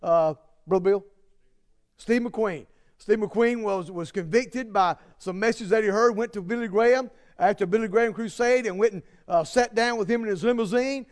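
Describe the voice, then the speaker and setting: A man preaching a sermon and telling personal stories, halting with many fillers and restarts, then rising to emphatic peaks. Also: high-pitched. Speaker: pastor.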